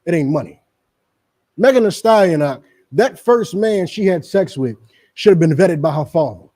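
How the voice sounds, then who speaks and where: Man, middle-aged, preaching-style commentary, emphatic, lecturing, repetitive, high voice. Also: animated, normal speed, dark tone. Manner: emphatic, repetitive, lecturing, addresses others by name. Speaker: religious group speaker on a radio show.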